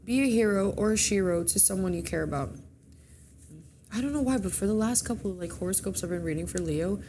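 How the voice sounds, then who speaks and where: A woman's voice: mid-range voice, expressive, fast, background noise. A woman co-hosting a morning show, casually reading the horoscopes and chatting, stumbling and correcting herself as she goes. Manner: chatty, reads with slips and self-corrections.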